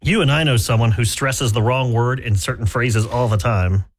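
A man's voice: mid-range voice, moderate pace. A man co-hosting a morning radio show, chatting in a wry, musing way and laughing easily. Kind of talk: casual on-air banter.

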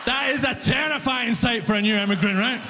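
A man performing a stand-up comedy set, telling stories with animated delivery and shouted punchlines on a comedy club stage. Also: extremely high pitch, brisk, background noise. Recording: reverberant live room, faint ambience.

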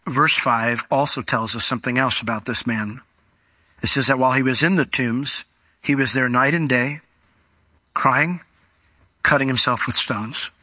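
In a mid-range voice with no echo, a man preaches an animated expository sermon, unpacking what words mean and asking rhetorical questions.

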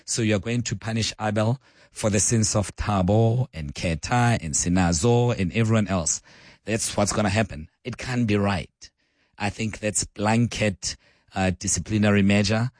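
A man hosting a live talk radio show with a croaky voice, chatting and rambling with frequent fillers and restarts. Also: lowish voice, normal speed, no room sound. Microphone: studio microphone.

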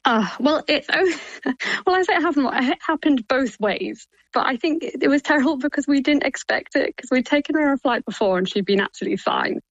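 Chatty mum, thirties, slightly high, dry and close, animated storyteller. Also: female voice, fairly quick, no room sound, lo-fi sound. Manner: chatty, laughs often, acts out quotes. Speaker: podcast guest. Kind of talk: casual chat.

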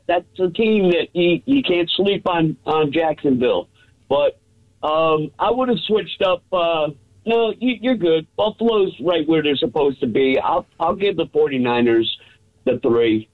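A man calling in to a sports radio show, excited and laughing as he chats quickly about his team. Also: fairly high pitch. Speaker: caller. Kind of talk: casual call-in chat. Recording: tinny phone line.

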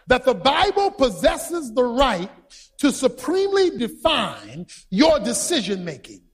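A man preaching a sermon who tells stories with energy, shouts his points and quizzes the congregation. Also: very high voice. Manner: animated storytelling, shouting for emphasis, quizzing the congregation.

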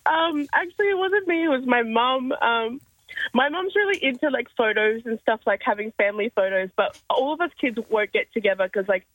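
A woman's voice: on the high side, lively intonation, fairly quick, a bit bright, poor audio. A woman calling in to a radio show, talking hesitantly with fillers. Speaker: caller. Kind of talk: casual radio call.

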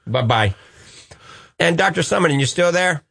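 A man's voice: on the high side, expressive, normal speed, gravelly, fairly bright tone, no room sound, clean studio sound. A man with a New Orleans accent hosting a call-in radio show, upbeat and reassuring with a joking streak.

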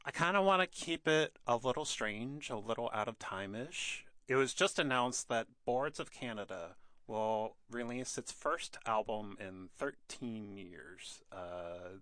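A man on a radio music show, explaining a new album in a relaxed, wry, conversational way. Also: mid-range voice, measured pace, hardly any pauses, dry recording. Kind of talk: casual radio music chat.

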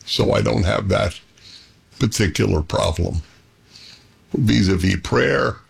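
Man, radio talk host, deeply raspy, slow and deliberate, thoughtful. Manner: thoughtful, measured, candid. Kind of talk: reflective call-in show monologue.

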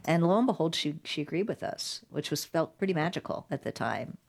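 Speaking fairly quickly in a deep, gravelly voice, a middle-aged woman guest, a digital rights lawyer, animatedly relates a story during an interview. She acts out the quoted lines and laughs along the way.

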